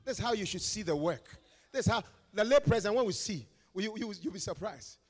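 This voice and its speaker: A Ghanaian man preaching a lively conference sermon, teasing his listeners and swinging from quiet asides to shouted calls. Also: high voice, a little fast, in a large hall. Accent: Ghanaian English. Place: large conference hall.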